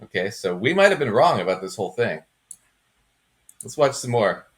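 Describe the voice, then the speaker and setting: A man with a lowish voice hosts a casual podcast and reacts to clips. He talks with a wide, lively pitch and a sarcastic, dismissive edge. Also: normal speed. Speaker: podcast co-host.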